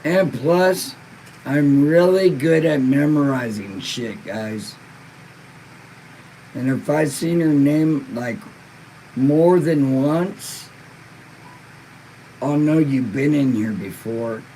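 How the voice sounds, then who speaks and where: Stoned dude rambling slow on a live stream, kinda gravelly, faint hiss behind. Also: male voice, medium pitch, dark tone, poor audio. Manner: laid-back, profane, rambling. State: a little stoned and in pain. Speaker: livestream podcast host. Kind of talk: casual live-stream chat reading viewer comments.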